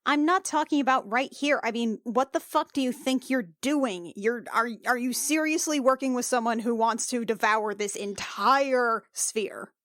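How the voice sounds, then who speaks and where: A woman's voice: fairly high pitch, normal speed, hardly any pauses, a bit bright, dry recording, studio quality. A woman playing in a tabletop game, blunt and impatient, swearing as she questions a captive. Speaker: player. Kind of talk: casual tabletop play.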